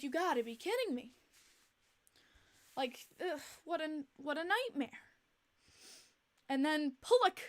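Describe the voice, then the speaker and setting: A young woman hosts a casual podcast livestream in a high, bright-pitched voice. She talks in an animated, exasperated way, repeating her points with plenty of fillers. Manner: chatty, with many fillers. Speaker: podcast host.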